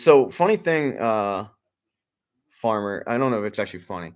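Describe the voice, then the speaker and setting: Rambling young sports fan commentating. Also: male voice, on the low side, normal speed. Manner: rambling, filler-heavy, excitable sports fan, swears. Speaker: streamer hosting a sports watch-along. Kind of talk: casual live commentary and chat.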